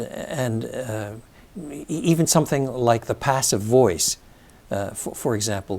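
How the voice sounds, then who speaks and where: An older man answering interview questions at length, thoughtful and measured, with frequent ums and restarts as he explains. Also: medium pitch, darkish tone. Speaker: interview guest, scholar.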